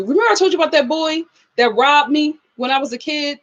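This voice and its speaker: Animated woman storyteller on a live stream. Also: high-pitched, quick pace, muffled recording. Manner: animated storyteller who acts out quotes and laughs often. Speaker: live-stream reviewer reading viewer comments. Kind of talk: casual live-stream chat.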